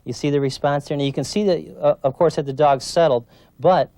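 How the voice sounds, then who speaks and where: A man's voice: fairly high pitch, fairly quick, warm tone, no echo. A man demonstrating puppy training, explaining patiently and checking in with his student as he coaches. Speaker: dog trainer. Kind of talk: instructional demonstration.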